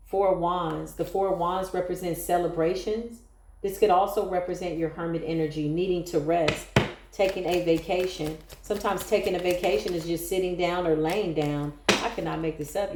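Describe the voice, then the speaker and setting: A woman's voice: lowish voice, echoey room, background noise. A woman giving an emotional, emphatic spiritual tarot reading, often breaking into exclamations. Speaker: tarot reader.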